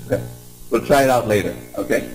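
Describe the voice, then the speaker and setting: A man giving an animated inspirational talk to a live audience, prompting the crowd to respond. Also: mid-range voice, fast, faint music behind, rough recording. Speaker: preacher.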